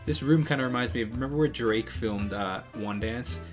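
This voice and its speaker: A musician reacts to a live song, speaking a little fast at a medium pitch into a studio mic fitted with a pop filter, with music underneath. He casually breaks down the mix and vocals in an analytical, explanatory way, restarting often. The song plays faintly in the background.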